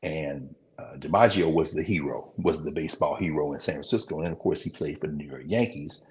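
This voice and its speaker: A man teaching a class in a loose, conversational way, wandering off on asides and pausing to recall details. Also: very deep voice, slight background noise. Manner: conversational, digressive, with mid-sentence recall pauses. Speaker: teacher hosting a class show. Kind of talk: lecture, talking to viewers.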